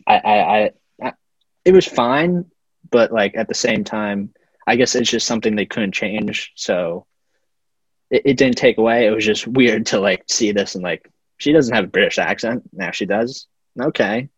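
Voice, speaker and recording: Talking loosely about a movie on a podcast, this young co-host halts and stammers through many restarts. He has a fairly low, slightly rough voice, recorded without echo on a dull, lo-fi microphone.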